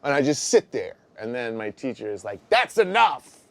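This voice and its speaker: A man's voice: fairly low pitch, a little fast, vocal fry, a little mellow, no room sound. Man telling a wry stand-up story.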